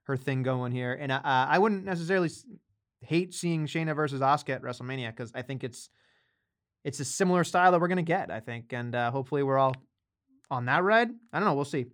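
A man's voice: mid-range voice, quick pace, a bit bright. A man co-hosting a casual wrestling podcast, rambling along with fillers and restarts. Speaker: podcast co-host.

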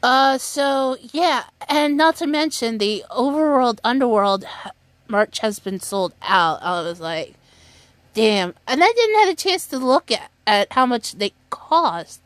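A young woman talks through her solo podcast in a loose, rambling way, slow and drawn out, stopping and restarting her thoughts. Her voice sits a little high. The sound is dry and close, with no room around it. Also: very animated, no room sound. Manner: rambling, with many restarts and fillers. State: has the hiccups. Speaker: podcast host. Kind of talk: casual solo podcast chat.

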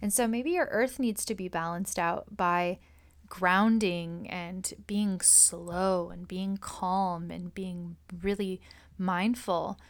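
Earnest woman, gentle reflective talk. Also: on the low side, steady tone, slow. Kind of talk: reflective spiritual monologue.

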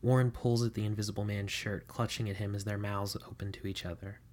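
A man narrating a story in a steady, even reading voice. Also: lowish voice, fairly quick, hardly any pauses.

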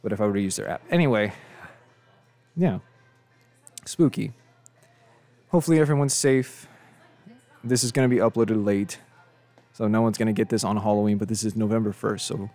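Low gravelly young man on a podcast. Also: moderate pace, pauses often, dark tone. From of Mexican descent. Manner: rambling, joking, self-deprecating. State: tired from little sleep. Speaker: podcast host. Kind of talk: casual solo podcast chat.

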